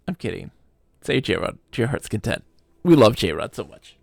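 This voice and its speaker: Goofy, lively-voiced male streamer. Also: lowish voice, moderate pace, vocal fry, no room sound, clean studio sound. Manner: goofy and playful, chanting silly repetitions; rambling, self-deprecating asides. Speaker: streamer playing a space game. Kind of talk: casual live-stream commentary.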